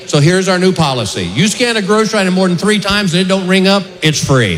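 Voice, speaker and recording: A man's voice: sits high, sing-song, fast, in a large hall. A man doing a stand-up set, telling exasperated, folksy stories. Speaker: stand-up comedian. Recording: live club set with loud crowd and noise. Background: audience laughter.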